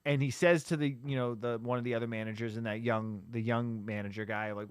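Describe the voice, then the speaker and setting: A man co-hosting a podcast, casually recapping a movie plot in a rambling, animated way with lots of "like" and restarts. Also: mid-range voice, a little fast, few pauses, clean tone, no room sound, studio quality. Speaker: podcast co-host.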